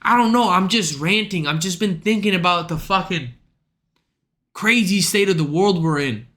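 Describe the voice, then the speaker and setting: A high-pitched man with a bright, sharp voice rants to his stream chat. He talks in a loose, profane, exasperated ramble. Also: moderate pace. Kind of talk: casual ranting to chat.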